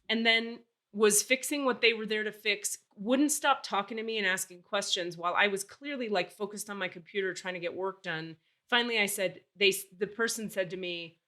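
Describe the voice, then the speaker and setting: A woman in her forties with a bright, sharp tone. She tells a personal story in a casual podcast chat. She sounds candid and exasperated, swears freely, and acts out the dialogue. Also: medium pitch, moderate pace, hardly any pauses. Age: 40s. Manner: animated, acts out dialogue while telling stories. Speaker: podcast host.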